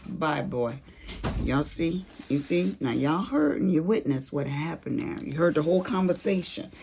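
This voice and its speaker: Animated, gravelly older woman telling stories. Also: low voice, normal speed, slight background noise. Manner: animated storyteller, folksy Southern-style talk. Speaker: crafting vlogger. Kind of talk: casual chat to viewers.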